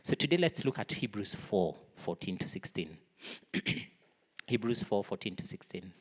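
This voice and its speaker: A man's voice: on the low side, animated, unhurried, breathy edge. A man preaching a sermon to a church congregation, earnest, raising his voice for emphasis and then dropping to a near-whisper. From Kenya. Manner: earnest, swings between raised emphasis and soft near-whispers. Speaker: pastor. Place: church hall. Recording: long reverb of a large hall.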